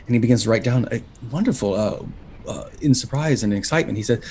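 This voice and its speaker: A man's voice: mid-range voice, fast talker, mellow, slight background noise. A man narrating a tabletop role-playing game as game master, in a descriptive storytelling manner.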